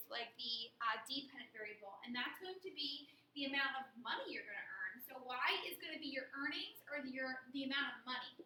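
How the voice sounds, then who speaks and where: A woman's voice: high voice, pushed and bright, reverberant, a little hiss or hum. A woman teaching a math lesson, explaining word problems patiently, step by step. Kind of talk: recorded classroom lesson.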